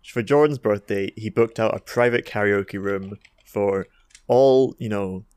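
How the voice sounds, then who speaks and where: A man's voice: lowish voice, a little slow, darkish tone, clean tone, no room sound. Swearing, rambling podcast host man. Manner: swears a lot, rambling anecdotes with restarts. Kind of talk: casual chat and storytelling. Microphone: podcast microphone.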